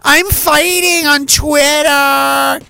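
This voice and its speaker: A man voicing a flippant online flag-waver in a high, breathy mocking voice. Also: steady tone, drawn-out words, sharp tone, no echo, full character voice. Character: mocking online flag-waving supporter, male, shrill and flippant.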